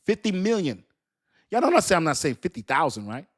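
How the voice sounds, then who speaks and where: A man giving animated, casual crypto commentary, laughing often and preaching with slang. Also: a little high, quick pace, slightly rough. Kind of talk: casual talk to camera.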